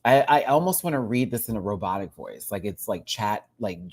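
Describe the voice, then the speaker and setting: A man in his thirties hosting a casual livestream rant. He talks in a chatty, expressive way, with quick laughs and asides to his viewers. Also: fairly low pitch, slightly rough, no echo. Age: 30s. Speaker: livestream host.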